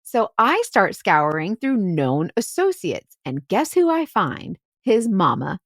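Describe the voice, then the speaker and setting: A woman's voice: mid-range voice, big pitch swings, slow, no echo, studio quality. A woman podcast host and private investigator telling a case story in a chatty way, full of "like" and "right?". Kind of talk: casual storytelling chat.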